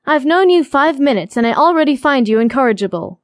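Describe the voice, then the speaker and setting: Woman reading a snappy sarcastic young heroine, fairly high voice, dry close audiobook sound. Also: lively intonation, fairly quick, dry recording. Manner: sarcastic, exasperated.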